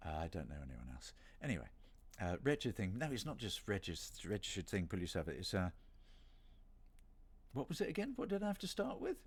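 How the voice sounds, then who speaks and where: A middle-aged British voice actor hosts a livestream signing session, chatting casually with rambling, self-deprecating talk and playful asides. His deep, husky voice swings hugely in pitch, at a normal speed.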